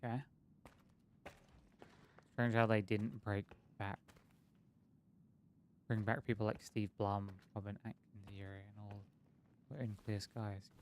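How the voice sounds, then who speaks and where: A man's voice: lowish voice, little pitch movement, slow pace, pauses often, darkish tone, a little hiss or hum. A man streaming a video game, thinking aloud and rambling in casual commentary with many fillers.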